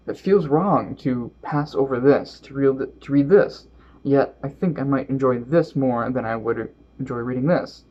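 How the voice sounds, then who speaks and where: A man with a Canadian accent chats about his reading pile in a thoughtful, halting way. He pauses and restarts his sentences often. His mid-pitched voice comes through slightly dull, lo-fi audio. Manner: thoughtful, halting, trips over words and restarts. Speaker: book vlogger. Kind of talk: reading aloud and casual book talk.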